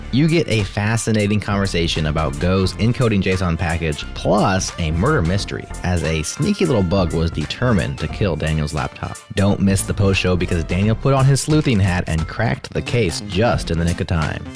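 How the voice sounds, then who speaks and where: Intro announcer, male, very deep voice, scripted, music behind. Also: expressive, normal speed, hardly any pauses. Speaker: show announcer. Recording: voice over background music.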